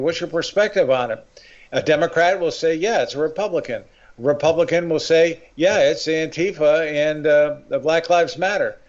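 A man's voice: a little high, lo-fi sound. An older man, a guest writer on a political talk radio show, explaining his views in a rambling, opinionated way full of restarts.

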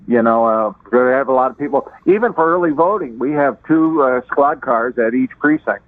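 This talk-show caller, phoning from Florida, talks fairly quickly with few pauses in a medium-pitched voice, peppering the casual interview with fillers and repeated words. The line sounds tinny.

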